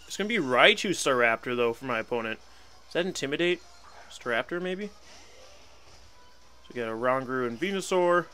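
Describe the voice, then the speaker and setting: A man's voice: mid-range voice, pushed and bright. A young man giving casual live commentary on a video game battle, wry and resigned, laughing at himself now and then. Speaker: gaming channel host.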